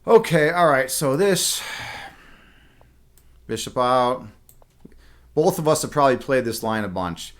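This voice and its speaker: A man's voice: mid-range voice, lively intonation, a little slow, long pauses. A man live-streaming and chatting casually, a chess instructor who rambles with many fillers and restarts and laughs often.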